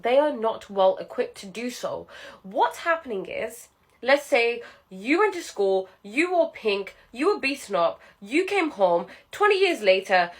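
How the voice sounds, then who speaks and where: A woman giving a casual, earnest self-help talk who acts out inner voices in an animated way. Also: medium pitch.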